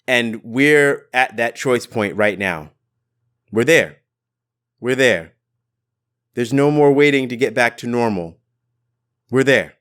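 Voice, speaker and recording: A man's voice: medium pitch, expressive, slow, pauses often, fairly bright tone, smooth. Fervent, blunt man hosting a podcast. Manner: fervent and blunt, swears for emphasis. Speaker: podcast host. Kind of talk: impassioned political monologue.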